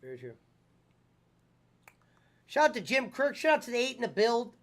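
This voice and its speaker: A man's voice: very high-pitched, very animated, moderate pace, a bit bright. A man hosting a casual podcast chat, teasing his co-host with blunt, profane remarks. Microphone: studio microphone.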